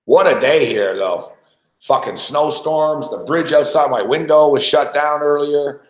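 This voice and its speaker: A man's voice: fairly high pitch, a little slow. Profane rambling man in a roomy room. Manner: profane, rambling, many restarts. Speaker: sports betting show host. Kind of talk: casual storytelling. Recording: roomy echo.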